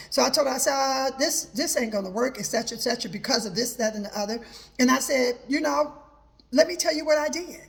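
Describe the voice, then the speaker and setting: A woman with a high, bright-pitched voice talks earnestly through her own life story as advice. She keeps quoting what she told people, leaning on repeated "I said" as she goes. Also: fast talker, creaky. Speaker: host. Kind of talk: personal advice talk.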